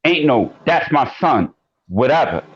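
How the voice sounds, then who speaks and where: A man on a call-in show speaks earnestly, pressing his points hard and getting loud as he goes. His voice sits in an ordinary middle range. It comes through a dull, lo-fi line. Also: mid-range voice, sing-song, unhurried, slightly rough. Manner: earnest, emphatic, gets loud. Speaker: caller. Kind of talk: casual call-in chat.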